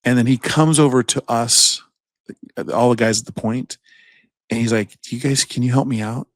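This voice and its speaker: A man co-hosting a podcast, telling a long, profane workplace anecdote in a casual, animated way. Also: mid-range voice, moderate pace, no room sound. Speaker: podcast co-host. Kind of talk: casual storytelling chat.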